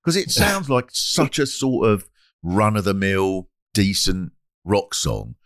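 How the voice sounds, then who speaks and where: Low-voiced man, dry close sound. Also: slow, no room sound. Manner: rambling, lively comic storyteller. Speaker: podcast host. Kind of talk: casual podcast chat.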